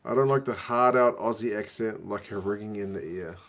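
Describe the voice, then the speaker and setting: A man's voice: fairly low pitch, fairly quick, fairly bright tone. A man with a New Zealand accent, chatting casually on a live stream as he watches a rugby match and answers viewers. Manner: chatty, reads viewer comments aloud, says bro.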